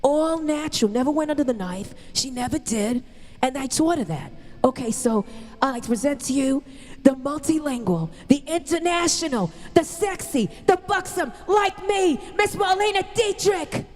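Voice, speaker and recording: A woman impersonating a brash older female celebrity comic who bosses and teases the audience in quick patter. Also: sits high, animated, a little mellow, voice pushed up. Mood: boastful. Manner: bossy, rapid wisecracking patter to the audience. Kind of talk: stand-up impression. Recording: long hall reverb.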